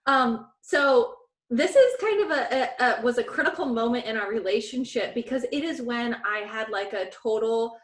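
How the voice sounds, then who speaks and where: Her pitch is a touch high and her speed normal as she animatedly recounts a story while co-hosting a podcast, performing each quote in a casual chat. The room sound is noticeable.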